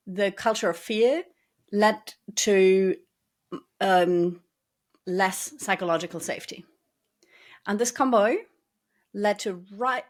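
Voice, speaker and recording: Woman explaining workplace leadership at length. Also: medium pitch. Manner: explains at length, dry sarcastic asides. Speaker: podcast co-host. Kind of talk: conversational podcast talk.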